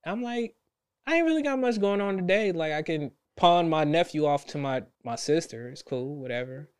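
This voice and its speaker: A young man, a podcast host telling a story in casual chat, animated and laughing often. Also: fairly high pitch, fairly quick, smooth. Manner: animated, laughs a lot, acts out quotes.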